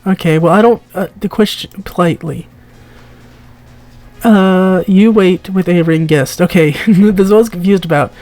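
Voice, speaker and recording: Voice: mid-range voice, normal speed, darkish tone, soft background music. A streamer reading a text game aloud, giggling often, stumbling over words and asking confused asides.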